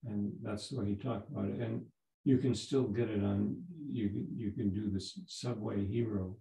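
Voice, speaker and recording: Older man, Zen teacher, dharma talk, very dark tone, halting storyteller. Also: fairly low pitch, steady tone, vocal fry. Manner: halting, repeats words and restarts. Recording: roomy echo.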